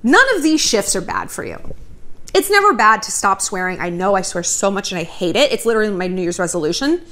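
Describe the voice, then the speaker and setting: A woman in her thirties talking casually to camera, giving frank dating advice with swearing and quick story asides. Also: mid-range voice. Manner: chatty, swears freely, lively storytelling asides. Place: home near a river, outside noise.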